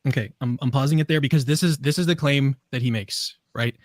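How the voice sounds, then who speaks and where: A man speaks up on a casual reaction panel in a joking, conversational tone. He talks fast and sounds dry and close to the mic. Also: mid-range voice, dry recording.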